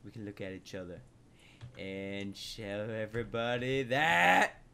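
Excitable young guy yelling through a game, bright lively voice, keys clacking behind. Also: on the low side, measured pace, vocal fry, clear, resonant tone. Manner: excitable, yells and laughs at setbacks. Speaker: gaming channel host. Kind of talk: casual gaming commentary.

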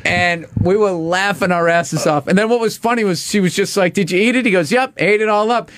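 A man telling animated, profane childhood stories as a guest comedian in a studio. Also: high voice, a little fast, no echo. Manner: animated, profane, laughing through anecdotes. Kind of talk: casual storytelling. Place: radio studio.

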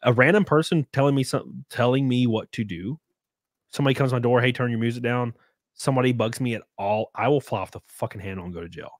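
A man's voice: medium pitch, quick pace, no room sound, clean studio sound. A man hosting a podcast, telling stories in a rambling, profane way full of fillers and restarts. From US South. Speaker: podcast host. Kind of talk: casual chat.

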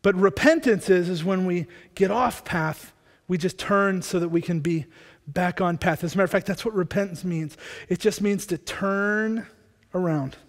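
A male pastor preaching a sermon in a church, energetic and conversational, often restarting his words. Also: high-pitched, normal speed. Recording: long church hall reverb.

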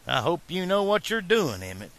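A man's voice: high-pitched, big pitch swings, normal speed, a bit bright, pitched above the performer's own voice, exaggerated voice. A man doing a cheerful Old West bartender. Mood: cheerful concern. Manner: raised, friendly, concerned. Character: cheerful, worried small-town male bartender.

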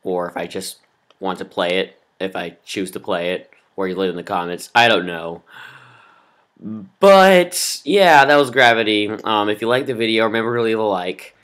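A gameplay commentator who rages melodramatically at the game, groaning and yelling at every failure. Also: mid-range voice, normal speed. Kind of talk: raging let's-play commentary.

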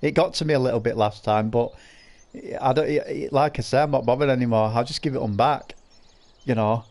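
A man's voice: medium pitch, a little fast, a little mellow. A man commentating a live farming game stream, teasing viewers with crude, laughing banter. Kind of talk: live gameplay commentary, reading chat.

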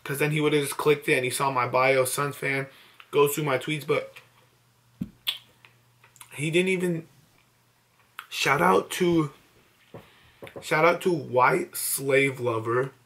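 A man's voice: on the high side, slow, pauses often, fairly bright tone. Stunned, teary young man vlogging late at night. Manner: overwhelmed, emotional, breathless disbelief. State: teary, just woken up. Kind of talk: late-night excited selfie vlog. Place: indoors at home at night.

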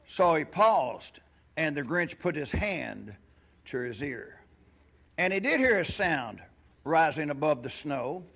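A man's voice: on the high side, fairly bright tone. A man serving as pastor gives a playful children's sermon in a church. He asks the kids many questions and reads a storybook aloud. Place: church sanctuary.

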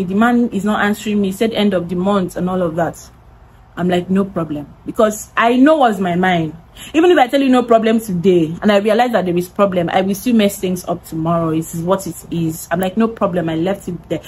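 A young woman telling a lively storytime vlog, acting out the voices of the people in it. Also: medium pitch, husky, rough recording. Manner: animated, acts out quoted voices. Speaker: content creator.

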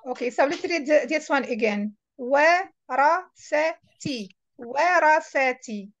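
A woman with a high, light voice guides a beginner through a reading lesson as a tutor. She is patient and repeats each word slowly and clearly so the learner can copy it. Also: lively intonation, lo-fi sound. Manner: patient, repeats words slowly to model pronunciation. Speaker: Arabic tutor.

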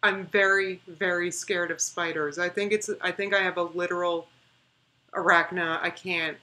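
A woman's voice: lowish voice, steady tone, normal speed, pushed and bright. A woman in her thirties chatting casually on a reaction livestream, emphatic and repeating words for stress. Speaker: streamer.

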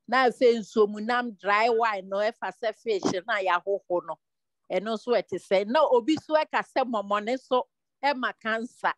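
A woman with a slightly high voice asks her question haltingly, pausing to find her words. Her voice sounds dry and close, with no room around it. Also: no room sound. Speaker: caller asking a question. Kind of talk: casual question to a speaker.

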